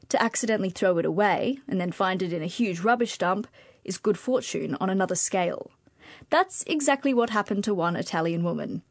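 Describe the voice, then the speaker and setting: A woman presenting radio news in a crisp, scripted way. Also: mid-range voice, no room sound. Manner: crisp, even, scripted delivery.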